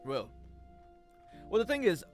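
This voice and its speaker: A man's voice: sits high, sing-song, measured pace, soft background music. A young man, chatting casually on a gaming stream, joking, swearing freely and rambling. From United States.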